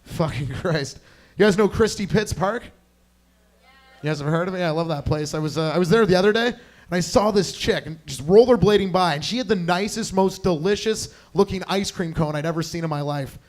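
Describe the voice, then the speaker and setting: A man's voice: sits high, fairly quick. A young man doing a crude, rambling stand-up set, chatting with the crowd on a club stage. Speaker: stand-up comedian.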